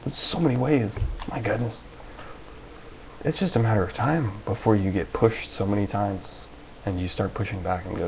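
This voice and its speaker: A man talking to camera in a rambling, animated monologue full of restarts. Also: lowish voice, normal speed, creaky, lo-fi sound, noisy background. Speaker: vlogger.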